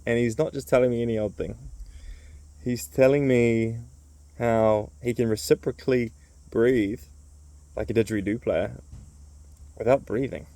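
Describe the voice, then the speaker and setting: Gravelly man telling a rambling story. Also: medium pitch, steady tone, normal speed, pauses often, warm tone, no echo. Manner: rambling with many fillers. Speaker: men's circle host. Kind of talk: casual storytelling.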